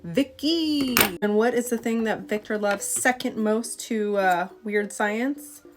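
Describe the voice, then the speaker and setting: A woman's voice: mid-range voice, fairly even intonation, unhurried, noisy background. A young adult woman telling a story as a comedic casual retelling, chatty and sarcastic, full of filler words. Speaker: comedic book summarizer.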